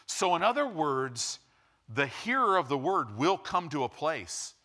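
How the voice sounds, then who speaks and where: A man preaching a sermon as pastor, building from quiet to loud and emphatic. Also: a little high, sing-song, unhurried.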